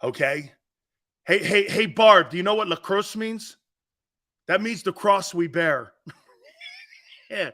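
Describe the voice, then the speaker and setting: A brash man hosting a sports talk show, rambling from one story to the next and laughing at his own jokes. His voice sits a little high for a man and rings bright and forceful as he breaks into loud bursts. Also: expressive, slow pace, pauses often.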